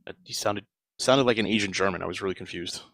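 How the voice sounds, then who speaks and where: A man in casual chat, talking quickly and offhandedly. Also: sits low, creaky, fairly bright tone, no room sound.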